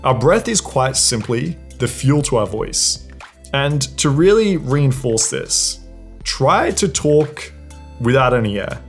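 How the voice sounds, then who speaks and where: A man's voice: medium pitch, lively intonation, takes it slowly, gravelly, husky, soft background music. A young man giving a casual voice lesson, explaining breathing and resonance and demonstrating exercises. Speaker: dating and voice coach. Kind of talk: instructional talk to camera.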